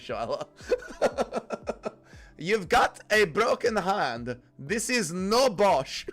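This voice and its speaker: A man hosting a casual watch-along livestream, reading chat aloud and joking crudely, swearing freely. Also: a little high. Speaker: livestream host.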